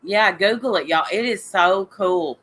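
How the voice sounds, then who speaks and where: With a mid-range voice that's a bit bright and a little slow, a woman hosts a casual podcast talk show despite being sick with a cough. She chats and rambles, gossiping and turning directly to her listeners.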